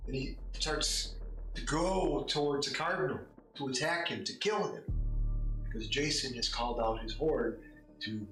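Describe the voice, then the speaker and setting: Slow, halting male game master. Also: fairly high pitch, pushed and bright. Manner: slow, halting narration with pauses. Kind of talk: narrating a tabletop game. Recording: echoey room, mic at a distance, music behind.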